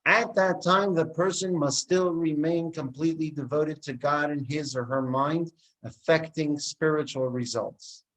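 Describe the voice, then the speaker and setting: Guy giving a sermon, slightly high voice, really animated storyteller. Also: a little slow, rough recording. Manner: animated storyteller who acts out the dialogue.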